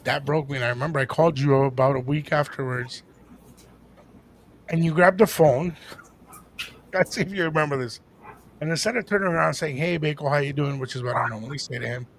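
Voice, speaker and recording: A man co-hosting a podcast, telling a story in a casual, animated way and dropping into Spanish now and then. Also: medium pitch, a little fast, a little hiss or hum. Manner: animated, jumps into impressions, code-switches into Spanish. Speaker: podcast co-host and DJ.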